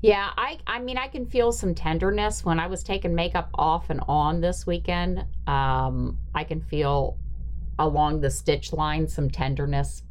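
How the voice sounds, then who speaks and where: A woman's voice: low voice, unhurried, a little hiss or hum. A woman hosting a podcast in casual chat, rambling and chatty with trailing fillers. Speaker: podcast host.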